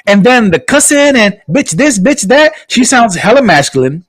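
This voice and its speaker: A man's voice: extremely high pitch, sing-song, moderate pace, a bit bright. A man co-hosting a podcast, talking in a casual, emphatic way and often repeating his words. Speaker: podcast co-host. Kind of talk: casual chat.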